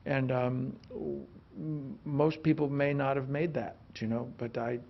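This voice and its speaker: Brief: man, late fifties, gravelly low rasp, loose anecdotal guest on a stage, dull lo-fi event audio. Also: unhurried. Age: late 50s. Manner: relaxed storytelling, frequent restarts and "you know". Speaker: film actor as interview guest. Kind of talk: onstage conversation. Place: film institute stage before an audience.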